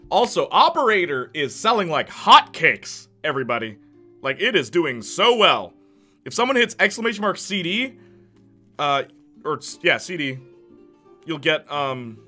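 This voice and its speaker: A man's voice: fairly high pitch, pushed and bright. A man streaming live, chatting casually and reading his chat aloud with sarcastic, joking banter.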